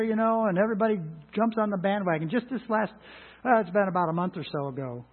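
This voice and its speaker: A middle-aged man preaching a sermon in an earnest way, rising to emphatic lines and dropping to quiet asides. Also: high voice, quick pace, phone-quality sound. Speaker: pastor.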